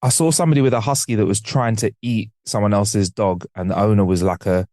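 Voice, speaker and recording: A man's voice: fairly low pitch, quick pace, no room sound, studio quality. A man co-hosting a podcast in casual, slangy chat, acting out what people say. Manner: animated, slangy, acts out quotes. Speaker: podcast co-host.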